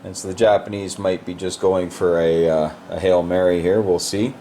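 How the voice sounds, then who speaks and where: A man's voice: deep voice, steady tone, moderate pace, warm tone, a little hiss or hum. A man casually walking through the state of a board game, explaining moves in a loose, rambling way with many fillers.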